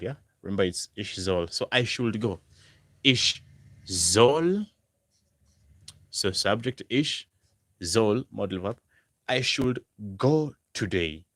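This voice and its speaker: A man teaching a language lesson, repeating example phrases slowly and stressing each word. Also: sits low, fairly bright tone, dry recording, studio quality. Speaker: German language tutor. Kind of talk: slow, repetitive language lesson.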